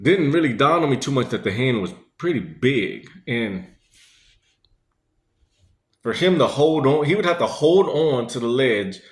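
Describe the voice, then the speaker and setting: Brief: man, mid-pitched voice, rambling conversational storyteller, roomy echoey recording. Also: expressive, unhurried, long pauses. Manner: rambling, conversational, many fillers. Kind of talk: casual spoken storytelling. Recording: echoey room.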